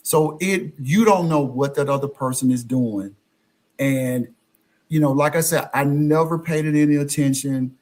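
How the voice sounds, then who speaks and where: Animated male podcast guest telling stories. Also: fairly high pitch, unhurried. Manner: animated, acts out quoted exchanges. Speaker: podcast guest, social media influencer. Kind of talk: conversational storytelling.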